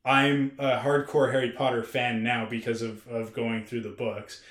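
A man's voice: medium pitch, flat delivery, moderate pace, a bit bright. A man co-hosting a podcast, explaining at length in casual chat, with many restarts. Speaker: podcast co-host. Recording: roomy echo.

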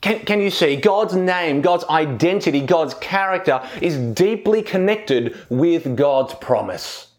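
A man delivering a sermon with a slow, deliberate pace and a voice that rises and falls widely. His pitch sits a little higher than most men's. He speaks earnestly and keeps asking his listeners questions. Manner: earnest, expressive, asks the listeners rhetorical questions. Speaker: preacher. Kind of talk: expository sermon.

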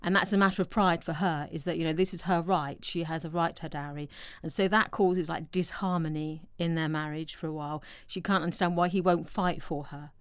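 A woman talks through a classic film in a relaxed podcast chat, her voice smooth and clear and set a little low. She tells the story with lively, animated turns. The sound is dry and close. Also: fairly quick, few pauses, dry recording. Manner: animated storytelling, acts out quotes. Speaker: podcast co-host. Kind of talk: casual film discussion.

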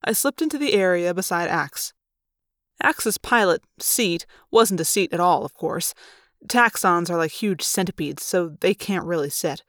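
A woman narrating a novel in first person with a plain, even telling. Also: fairly low pitch, unhurried, no echo, clean studio sound. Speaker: audiobook narrator. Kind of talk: storybook narration.

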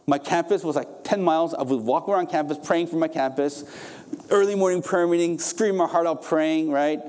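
A young adult man delivers a sermon with real fervor, his mellow, warm voice pitched a little high. He builds to emphatic peaks and then pulls back into quieter, gentler stretches. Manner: impassioned preaching, rising to emphatic peaks then dropping soft. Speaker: pastor.

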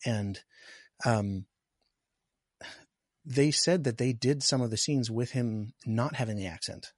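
A man's voice: mid-range voice, slow, dry recording, studio quality. A man in a casual film discussion, talkative and explaining at length.

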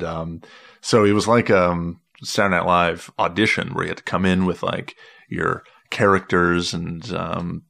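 Man, very deep voice, casual chat, rambling and halting, lots of restarts. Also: vocal fry, a bit bright.

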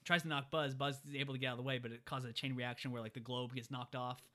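Bright-voiced man recapping a film. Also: mid-range voice, quick pace. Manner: animated retelling, acts out character lines. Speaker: podcast co-host. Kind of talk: casual movie recap chat.

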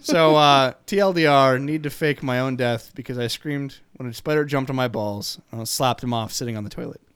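A man's voice: medium pitch, fairly quick, fairly bright tone, clear, resonant tone, no echo. A man hosting a podcast who tells a funny story in a casual way, chuckling as he goes. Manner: chuckles through his lines. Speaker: podcast host reading stories.

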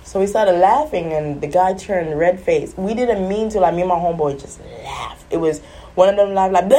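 A woman telling a funny story in a casual vlog, animated, acting out voices and laughing often. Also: fairly low pitch, normal speed.

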